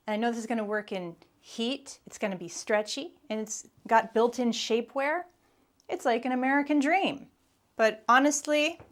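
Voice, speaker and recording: A woman vlogger giving a casual, chatty fashion commentary to camera, playful and quick to laugh. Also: on the high side.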